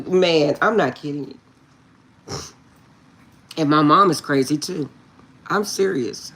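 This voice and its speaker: A woman's voice: deep voice, slow, long pauses, breathy edge. A middle-aged woman telling a funny family story to her viewers, laughing often and insisting she is serious. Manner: animated, laughs often, repeats "I'm serious". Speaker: tarot reader.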